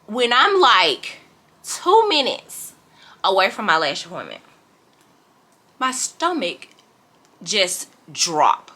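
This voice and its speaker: A woman's voice: mid-range voice, very animated, slow, pauses often, sharp tone. A woman telling a storytime vlog in casual, dramatic chat, calling her viewers y'all. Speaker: vlogger.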